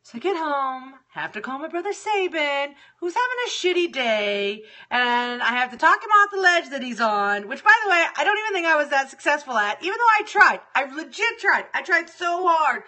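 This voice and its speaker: Bright-voiced profane woman host. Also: high-pitched, moderate pace, few pauses. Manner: profane, exasperated, animated. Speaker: radio show host. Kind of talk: casual storytelling monologue.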